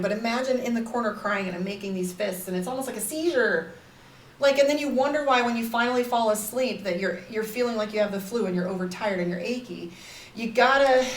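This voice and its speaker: Woman, life coach type, chatty live-stream host; candid and rambling, faint room noise behind her. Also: fairly high pitch. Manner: candid, rambling, frequent "like" and "right?". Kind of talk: casual live-stream talk to viewers. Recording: roomy echo, somewhat far from the mic.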